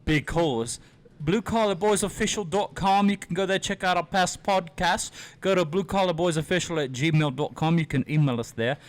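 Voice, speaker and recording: A man's voice: on the high side, normal speed. A young man co-hosting a podcast in a playful exaggerated fake British accent, often echoing his co-host. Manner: playful, echoes his co-host's words. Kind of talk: joking casual podcast banter.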